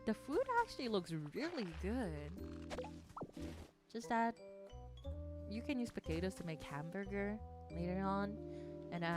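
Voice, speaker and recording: A giggly young woman streamer chatting over her game, her pitch swooping up and down as she gushes and slips into Japanese words. Her voice sits at a middle pitch, close on a desk mic. Game music plays clearly behind her. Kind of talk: casual game stream commentary.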